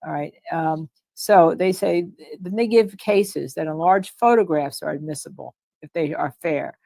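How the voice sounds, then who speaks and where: Gravelly-voiced New Jersey woman. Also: deep voice, measured pace, dry recording. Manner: animated, repeats herself, reads chat aloud. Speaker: livestream co-host discussing a court case. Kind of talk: casual livestream commentary.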